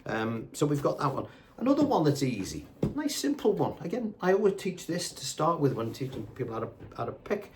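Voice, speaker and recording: A man's voice: fairly high pitch, very animated, brisk, few pauses, a little hiss or hum. A man teaching guitar casually, scatting rhythm syllables aloud while he plays. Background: acoustic guitar playing.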